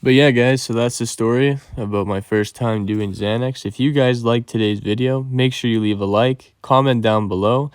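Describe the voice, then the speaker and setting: A man's voice: medium pitch, steady tone, moderate pace, hardly any pauses, no echo, clean studio sound. A young man telling a story in a rambling, casual way, with lots of swearing and fillers. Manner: rambling, profane, lots of fillers like "you know" and "right?".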